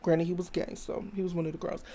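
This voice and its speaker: A woman's voice: on the low side, level tone, fast, dark tone. Rambling woman podcast host. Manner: rambling, emphatic, quotes lyrics aloud. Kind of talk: casual opinion monologue.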